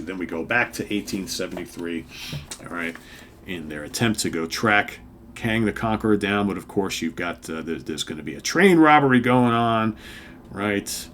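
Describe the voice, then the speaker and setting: A man's voice: deep voice, fairly bright tone, a little hiss or hum. An older man hosting a casual comic read-through, rambling and checking in with "right?" and "of course". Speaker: comic book reviewer host.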